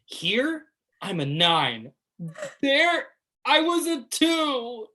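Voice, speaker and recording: A woman's voice: high voice, big pitch swings, extremely slow, sharp tone, pitched above the performer's own voice, full character voice. A woman voicing a frightened male alien soldier in a tabletop game, nervous and pleading.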